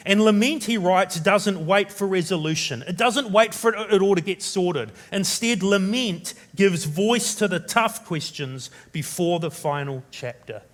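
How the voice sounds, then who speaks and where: A man preaching a sermon as pastor, from New Zealand, turning dramatic and loud when he voices the biblical writer's questions. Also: high voice, measured pace, hardly any pauses.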